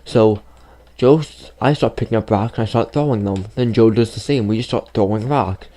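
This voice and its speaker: A man with a somewhat low, warm and relaxed voice tells a story straight to camera. His delivery is loose and rambling, with lots of "like" and "you know." It sounds like a casual video chat with his viewers. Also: moderate pace. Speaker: gaming YouTuber telling a childhood story.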